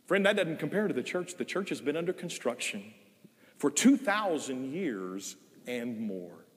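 An older man preaching a sermon, earnest, swinging from loud emphasis to soft, drawn-out phrases. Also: medium pitch, sing-song, long reverb tail. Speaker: guest preacher. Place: church sanctuary.

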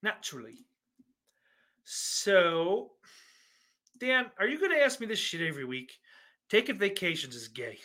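A man's voice: sits high, big pitch swings, measured pace, pauses often, pushed and bright. A man hosting a podcast, reading out listener questions in a rambling, profane and sardonic way. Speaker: podcast host.

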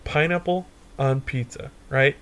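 A young man co-hosting a podcast, telling a stoner story in a profane, animated way and laughing often. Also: medium pitch, a little slow. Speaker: podcast co-host. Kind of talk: casual storytelling chat.

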